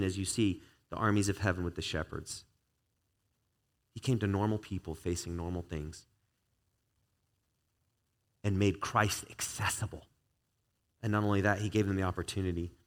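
A man preaching a conversational sermon to a live congregation, relaxed and chatty with frequent restarts. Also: lowish voice, fairly quick, pauses often. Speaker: pastor. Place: church service before a live congregation.

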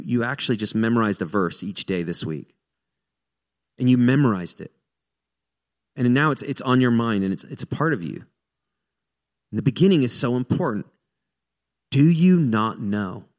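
An American pastor preaches in a relaxed, conversational way at a middle pitch for a man. He keeps restarting his sentences and wanders into self-mocking asides before he brings the talk back to the scripture. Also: a little fast, pauses often. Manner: casual, self-deprecating asides with frequent restarts. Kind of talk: sermon.

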